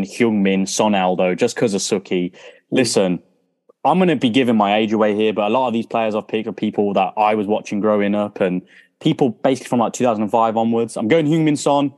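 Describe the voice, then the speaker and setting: A man's voice: fairly low pitch, steady tone, fairly quick, darkish tone. Enthusiastic male podcast guest. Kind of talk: casual podcast chat.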